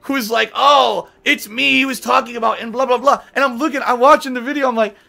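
A man's voice: very high voice, steady tone, a little fast, creaky, pushed and bright. A man who streams games and vents to his viewers in an exasperated way, laughing and swearing as he talks.

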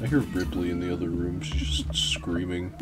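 Jokey young-sounding gamer man, low voice. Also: steady tone, moderate pace. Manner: jokey, laughs often. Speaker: gaming channel host. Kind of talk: casual gaming chat. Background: game music.

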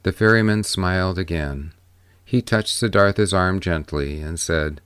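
A man narrating an audiobook in a steady, deliberate storytelling manner. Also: low-pitched, clean tone, no echo. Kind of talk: scripted narration.

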